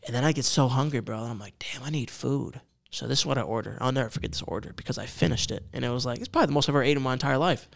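A man's voice: medium pitch, rapid-fire, gravelly, hardly any pauses. A man in his twenties in casual chat, telling a story with lots of swearing and slang. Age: 20s.

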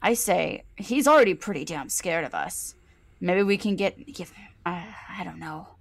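A woman's voice: lowish voice, animated, normal speed, gravelly. A woman playing a tabletop game, talking bluntly and casually, often trailing off. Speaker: player. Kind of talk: tabletop role-play.

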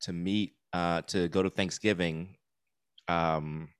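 A man's voice: low voice, steady tone, slow, smooth, dry recording. A man in his forties, a comedian guest chatting candidly and rambling with fillers, laughing easily. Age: 40s. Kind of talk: casual podcast chat. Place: New York City.

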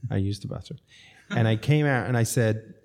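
Guy with a low mellow voice rambling thru restaurant stories, laughs a lot. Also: moderate pace. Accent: non-American English. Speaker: restaurateur guest. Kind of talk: casual storytelling chat.

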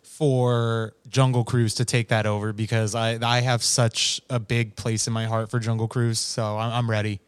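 A man's voice: medium pitch, level tone, moderate pace, clear, resonant tone, no echo. Enthusiastic man, casual podcast chat. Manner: enthusiastic, playful. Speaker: podcast co-host.

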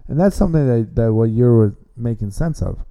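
A man's voice: medium pitch, animated, fairly quick, mellow. A man hosting a casual sports podcast, opinionated, often repeating himself and restarting phrases. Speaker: podcast host.

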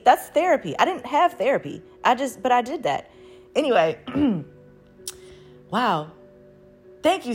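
A young woman vlogger telling a personal story in a casual, animated way, laughing often and swearing freely. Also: low voice.

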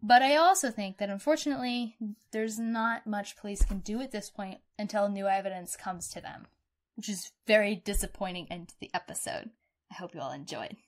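A young woman co-hosting a podcast, chatting in an expressive, outspoken way and swearing casually. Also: medium pitch, brisk. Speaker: podcast co-host. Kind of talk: casual true-crime chat.

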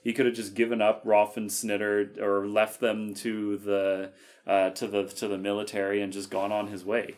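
A man co-hosting a podcast in casual chat, asking measured questions and hedging with fillers. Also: lowish voice, completely flat delivery. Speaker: podcast co-host.

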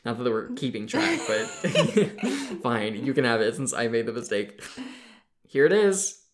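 A young woman with a strikingly deep voice chats casually as a podcast host. Her pitch moves around a lot, lively and animated. She teases and laughs often. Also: a little slow. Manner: playful, teasing, laughs often. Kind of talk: casual chat.

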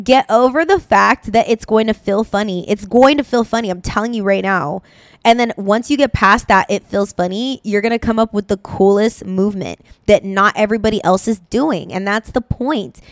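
A young woman talks casually as a dance coach hosting her podcast, chatty and animated, with lots of quick asides. Her voice sits at an ordinary pitch, and the sound is dry and close. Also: no echo.

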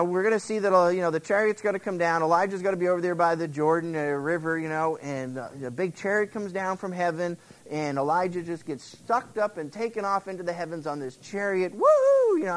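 Higher-pitched male pastor preaching. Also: quick pace. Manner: casual, conversational Bible storytelling; acts out the characters' words in quotes. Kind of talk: sermon.

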